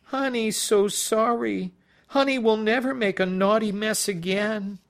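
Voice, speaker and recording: A man's voice: high-pitched, steady tone, a little slow, gravelly, voice pushed up. A man voicing a fussy old male judge who whines in a childish voice and barks when angry. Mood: plaintive. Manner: plaintive and petulant, snapping into barking.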